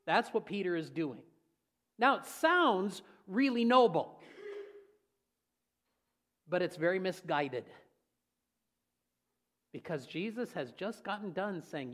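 A pastor delivers a sermon with folksy humor and lively storytelling. His voice sits high for a man. He drops down low and quiet when he turns reflective. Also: a little slow, long pauses.

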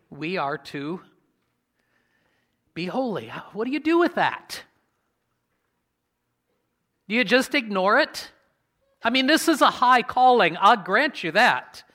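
A man preaching a sermon in a conversational way, asking his congregation questions and slowing down to stress key words. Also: sits high, bright, forceful tone. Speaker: pastor.

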